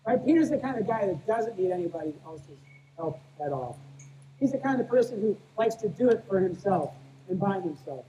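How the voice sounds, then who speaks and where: A man's voice: high voice, animated, a little fast, dark tone, dull audio, a little hiss or hum. A male pastor preaching a sermon in a plain-spoken, conversational way, often checking in with the congregation by asking "right?". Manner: plain-spoken, calls himself a small-town guy.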